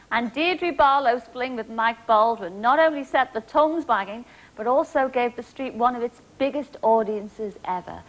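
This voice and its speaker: Woman, TV presenter, scripted links, fairly high. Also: low-quality recording.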